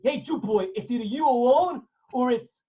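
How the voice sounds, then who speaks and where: A man's voice: very high-pitched, normal speed, distant mic, narrow, tinny audio, pitched above the performer's own voice. A man doing a taunting, menacing sailor.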